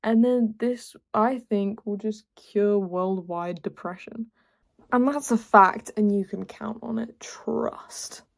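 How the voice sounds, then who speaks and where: A woman's voice: medium pitch, a little slow, gravelly. A young woman hosting a solo podcast, rambling and exasperated, full of filler words. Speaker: podcast host. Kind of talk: casual solo chat.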